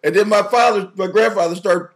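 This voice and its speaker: A man's voice: sits high, fairly quick, vocal fry. A man co-hosting a casual chat, talking animatedly, repeating words, acting out quotes and laughing often. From family from the Southern US. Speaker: podcast co-host.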